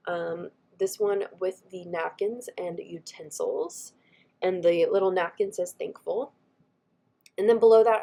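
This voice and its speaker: A woman, chatting warmly and gushing as she walks through her planner stickers, her voice a little scratchy from a cold. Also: mid-range voice. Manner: gushing, chatty, frequent soft asides. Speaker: planner vlogger. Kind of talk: casual chat over a craft video.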